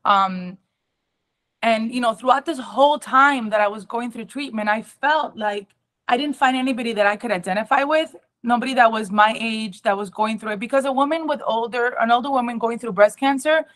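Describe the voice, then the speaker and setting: A young adult woman giving a personal testimony at an awareness talk, emotional and halting, with many ums and restarts. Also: fairly high pitch, a bit bright.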